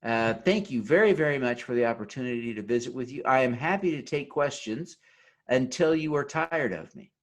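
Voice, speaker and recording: A man's voice: medium pitch, expressive, fairly quick. A man giving a motivational conference talk over a video call, earnest and leading the audience in an oath. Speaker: keynote speaker.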